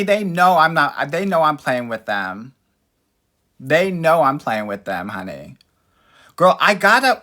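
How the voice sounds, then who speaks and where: A man's voice: high voice, bright, forceful tone. A young man hosting a casual livestream as a dating coach, sassy and playful, calling his viewers honey and girl.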